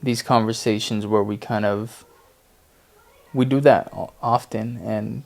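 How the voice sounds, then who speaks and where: A man in his thirties co-hosting a faith and marriage podcast, talking in a relaxed, rambling way. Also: lowish voice, measured pace, vocal fry. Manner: relaxed, rambling, many fillers. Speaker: podcast co-host. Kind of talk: casual faith chat.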